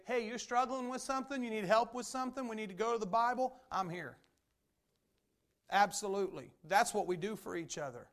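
A man's voice: high-pitched, brisk, long pauses, fairly bright tone. A man preaching a sermon as a Baptist pastor, emphatic and repetitive. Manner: emphatic preaching with repeated phrases.

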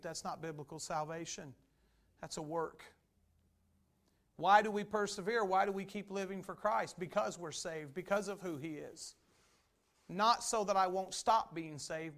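Here a man with a high, somewhat bright voice preaches as a Baptist pastor. His sermon hammers home its points emphatically through repeated phrases.

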